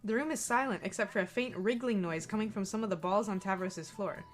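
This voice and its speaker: A woman reading a visual novel's second-person narration aloud in an expressive, playful way. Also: mid-range voice, a little fast, faint music behind.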